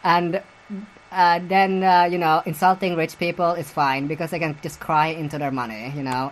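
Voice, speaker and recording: A woman's voice: deep voice, steady tone, moderate pace, a little hiss or hum, low-quality recording. A woman hosting a solo commentary podcast, crude and giggly, rambling with lots of fillers and restarts. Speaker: podcast host.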